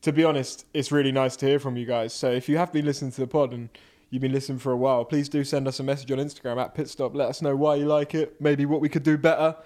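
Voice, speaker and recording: A man co-hosting a casual sports podcast, chatty and quick to laugh, with a slight lisp. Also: mid-range voice, level tone, darkish tone. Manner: chatty, laughs often, repeats words. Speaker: podcast co-host. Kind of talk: casual chat.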